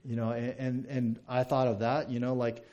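Soft-toned conversational male pastor. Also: medium pitch, flat delivery, normal speed, muffled recording. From United States. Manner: conversational, repeats words, asks the congregation "right?". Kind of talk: sermon.

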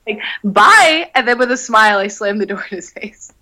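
A young woman in casual chat, telling an animated story, laughing and swearing freely. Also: mid-range voice, fast talker, low-quality recording.

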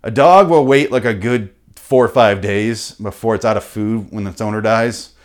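A man riffing through an unscripted comic monologue, profane and animated, with sudden loud bursts. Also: fairly low pitch, moderate pace. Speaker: comedian host.

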